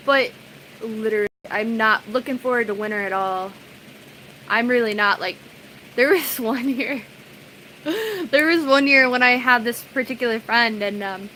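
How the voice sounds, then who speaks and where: A woman with a high, light voice chats easily with her stream viewers, giggling as she goes. She greets people in the chat by name between rambling stories, in a relaxed, talkative way. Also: a little hiss or hum, poor audio. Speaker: live streamer.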